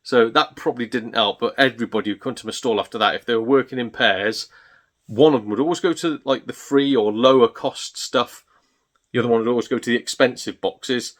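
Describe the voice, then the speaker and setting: A man's voice: mid-range voice, brisk. A British man hosting a gaming channel, telling a rambling, exasperated story with lots of restarts. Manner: exasperated, chatty, self-interrupting.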